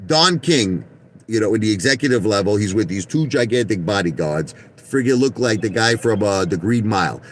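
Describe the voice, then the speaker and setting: A middle-aged man rambles through brash stories from his car, his pitch leaping up and down as he goes. He keeps pulling the listener in with "listen to me" and "okay?" A faint hum of noise sits behind him. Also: expressive, normal speed. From Brooklyn, New York. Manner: boastful, repeats "listen to me" and "okay?", laughs mid-story. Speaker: vlogger. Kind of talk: rambling storytelling and boasting to viewers. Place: inside his parked car.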